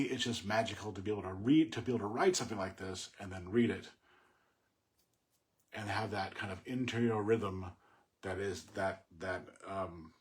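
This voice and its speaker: A middle-aged man talking casually about a poem he admires, thoughtful and halting, with many fillers and restarts. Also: on the low side. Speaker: poet discussing a poem. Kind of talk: casual spoken commentary on poetry.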